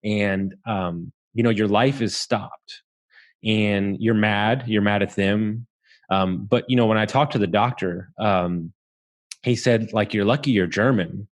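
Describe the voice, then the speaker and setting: Guest, a man from Southeast Texas with a lowish voice, loose and profane in his storytelling. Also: steady tone, takes it slowly. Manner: swears freely, laughs through his story. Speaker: podcast guest. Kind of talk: casual storytelling.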